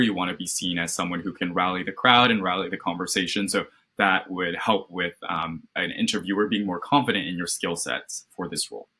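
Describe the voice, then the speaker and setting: A man with a slightly low, husky voice gives a candidate structured feedback after a mock interview. His tone is bright and encouraging, and he checks in often with "right?". He is speaking over a video call.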